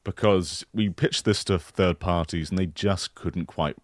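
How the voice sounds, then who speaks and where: A man co-hosting a podcast, playfully improvising a mock game pitch in casual chat. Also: steady tone, no room sound, studio quality. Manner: playful, joking improv pitch with quick voice switches.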